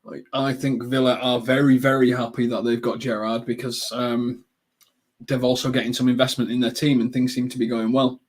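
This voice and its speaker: His voice sits in the mid range as he hosts a live football watchalong. He chats with viewers in a casual, rambling manner, leaning on lots of ums and reacting to the action in short, excited bursts.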